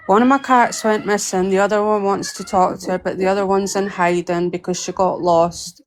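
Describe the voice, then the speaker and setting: A soft-spoken, apologetic woman chatting on a livestream. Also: mid-range voice, fairly even intonation, moderate pace, hardly any pauses. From England. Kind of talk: livestream guest chat. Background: cat meowing.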